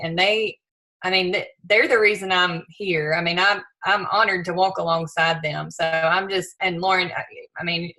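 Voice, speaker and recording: A woman's voice: lowish voice, bright, forceful tone, low-quality recording. A woman, a new regional director, talking earnestly and a little emotionally on a team call. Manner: emotional, earnest, chatty with restarts. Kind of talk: casual team call talk.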